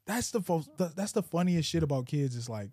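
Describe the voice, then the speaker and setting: A young man co-hosting a podcast, chatting loosely and profanely and telling animated stories. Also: fairly high pitch, brisk, dry recording, clean studio sound. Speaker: podcast co-host. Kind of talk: casual chat.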